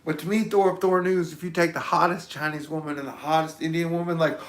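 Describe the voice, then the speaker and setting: A man vlogging in a loose, meandering monologue, cursing freely and swinging from mumbles to shouts. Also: a little high, steady tone, fairly quick, roomy sound. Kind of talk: rambling casual monologue.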